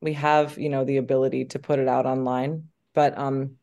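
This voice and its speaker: A woman's voice: very deep voice, little pitch movement, moderate pace, mellow, highs cut off. A woman in her thirties, an actress chatting animatedly as a guest in an interview, full of fillers. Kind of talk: casual interview chat.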